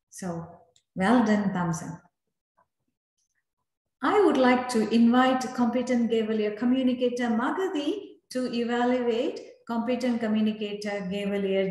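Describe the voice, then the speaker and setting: A woman leading a youth speaking club meeting, giving slow, encouraging feedback and inviting speakers. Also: fairly high pitch, darkish tone. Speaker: meeting evaluator. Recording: very echoey room.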